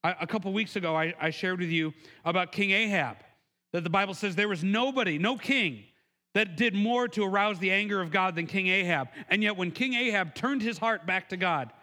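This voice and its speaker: Bright, high-voiced preacher man. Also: a little fast. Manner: earnest, conversational preaching with frequent restarts and stammered repeats; acts out quotes with raised pitch and emphasis. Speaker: pastor. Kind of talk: sermon.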